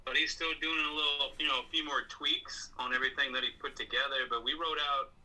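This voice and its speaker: A man's voice: medium pitch, steady tone, quick pace, pushed and bright, poor audio. A man chatting easily as a guest on a casual podcast call. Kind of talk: casual video-call chat.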